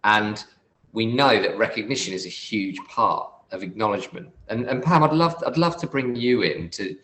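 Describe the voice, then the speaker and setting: A man's voice: on the low side, animated, sharp tone. Man moderating a panel, roomy sound. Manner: halting, repeats words as he thinks. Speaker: webinar moderator.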